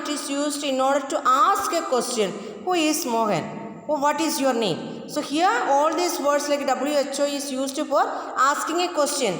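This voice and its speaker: Woman teacher, high voice, echoey room with long reverb. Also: a bit bright. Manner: repeats each sentence slowly, spells out words. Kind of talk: classroom grammar lesson.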